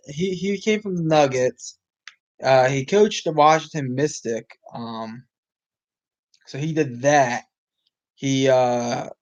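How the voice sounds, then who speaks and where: Guy doing a loose sports podcast, rambly, voice kinda shot, dull lo-fi mic. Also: mid-range voice. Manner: rambling, restarts, many ums, reacts to live game. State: losing his voice. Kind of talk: casual live sports talk.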